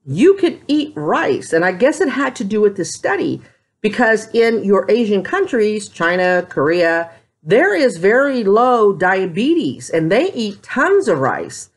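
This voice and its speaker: A middle-aged woman talks to her camera at home in a loose, chatty way, rambling from one story to the next. Her voice sits at an everyday pitch for a woman. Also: very animated, unhurried. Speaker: vlogger. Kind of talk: casual chat to camera.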